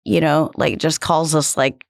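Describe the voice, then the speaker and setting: A woman from New Hampshire, a comedian guest in a casual interview, speaking with crisp, overly precise diction. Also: deep voice, steady tone, a little slow, dry recording, clean studio sound.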